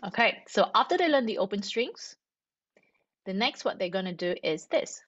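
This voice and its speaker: A woman's voice: medium pitch, big pitch swings, normal speed, fairly bright tone, highs cut off. A woman string teacher explaining note reading step by step, asking and answering her own questions in a chatty way. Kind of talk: instructional explanation.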